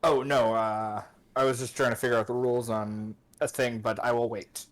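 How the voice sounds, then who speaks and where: A man's voice: mid-range voice, level tone, moderate pace. A man playing a tabletop game, hesitant and joking as he chimes in. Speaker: player. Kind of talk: casual game talk.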